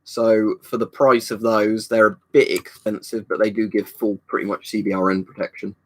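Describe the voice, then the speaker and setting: A man's voice: on the low side, little pitch movement, moderate pace. A man hosting a casual livestream, rambling easily as he reads out viewers' comments and answers them from a room at home. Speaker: livestream host. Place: indoor storage room at home.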